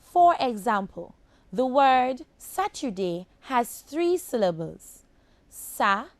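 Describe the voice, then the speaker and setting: A Jamaican woman teaching a phonics lesson to children at a very unhurried pace. Her fairly high voice rises and falls a lot as she sounds out each word. The recording is close and dry. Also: big pitch swings, a little mellow, dry recording. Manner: slow, deliberate, addresses children as boys and girls.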